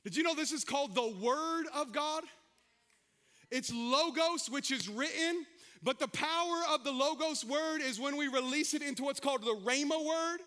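High, bright-voiced preaching man. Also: moderate pace. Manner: animated preaching, shouting calls to the congregation; folksy, joking asides. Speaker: pastor. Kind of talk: sermon.

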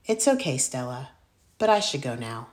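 A woman's voice: a bass voice, big pitch swings, moderate pace. Woman doing a curt, annoyed young girl. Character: young girl, busy dancer best friend, annoyed.

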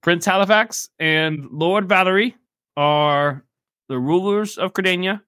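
A man's voice: sits high, a little slow, sharp tone, smooth, no echo, clean studio sound, pitched above the performer's own voice. A man voicing an exasperated female temple shopkeeper in a patchy put-on Irish accent, in a tabletop game. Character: irritated woman shopkeeper of a temple.

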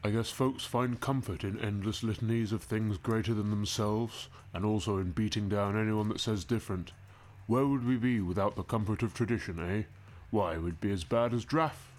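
A man's voice: lowish voice, normal speed, darkish tone, voice pushed down, close to an everyday voice. A man voicing a smug, cruel male sun-cult priest who preaches in a sanctimonious, mocking sermon cadence during a tabletop game. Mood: solemn mocking. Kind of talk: acted tabletop game narration.

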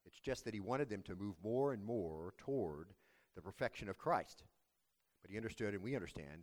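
A man preaching a sermon as pastor, telling a story in a measured, earnest way. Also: deep voice.

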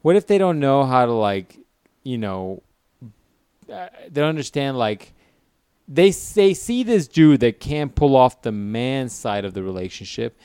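A man riffs loosely in crude podcast banter, slipping into quick quoted voices of other people. His voice sits at an everyday middle pitch. The sound is dry and close, with no room around it. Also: sing-song, dark tone, clean tone, no room sound.

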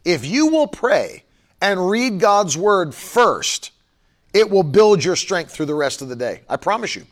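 A man preaching a livestream sermon, emphatic and repeating his key phrases, pausing to read viewer comments aloud. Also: sits high, big pitch swings.

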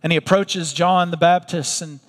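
A man's voice: a little high, fairly even intonation, moderate pace, close to an everyday voice. A man voicing river water as a witness, giving plain, matter-of-fact testimony. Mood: calm. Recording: long reverb of a large hall.

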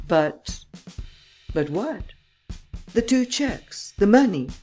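A woman reading the part of a desperate, greedy man who pleads and stammers in high outbursts. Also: very animated, slow pace, warm tone, faint music behind. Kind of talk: audiobook character reading.

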